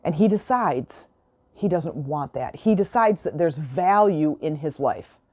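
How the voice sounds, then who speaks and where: A woman talks straight to her listeners in a heartfelt, motivational podcast monologue. Her voice sits a little low and sounds mellow. The recording is dry and close, with no room sound. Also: lively intonation, a little slow, dry recording. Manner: earnest, motivational, emotional. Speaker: podcast host.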